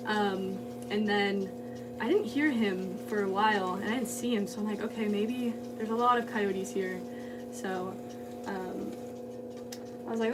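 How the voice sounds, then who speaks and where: A woman's voice: mid-range voice, unhurried. A woman potter on a livestream, chatting casually and rambling to viewers while she works in her studio. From United States. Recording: voice a bit distant, steady hum behind.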